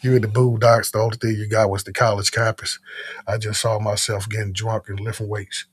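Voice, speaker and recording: A man talking as a guest in a casual conversation, rambling in a relaxed way and often asking "you know what I'm saying". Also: fairly low pitch, fairly quick, husky.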